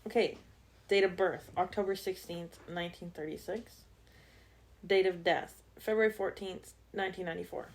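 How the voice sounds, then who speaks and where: A woman's voice: on the low side, steady tone, normal speed, poor audio. A young adult woman co-hosting a casual podcast with her mother, dry and teasing, laughing often. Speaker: podcast co-host, daughter. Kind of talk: casual chat.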